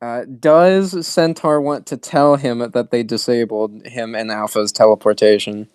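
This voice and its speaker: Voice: mid-range voice, steady tone, a little slow, darkish tone, smooth, dry recording. A game master narrating a tabletop role-playing game, hesitant with fillers and frequent laughs.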